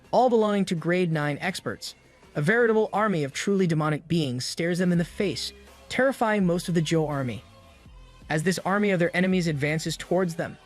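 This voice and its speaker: A man narrating a comic recap in a scripted style, breaking in with wry, slangy asides. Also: a little high. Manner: wry, slangy commentary between plot beats.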